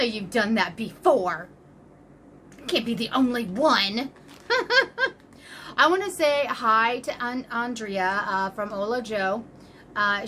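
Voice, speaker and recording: A woman's voice: a little high, a bit bright, slight background noise. Bubbly, rambling woman in her fifties. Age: 50s. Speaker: crochet channel host. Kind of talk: casual vlog chat, unboxing.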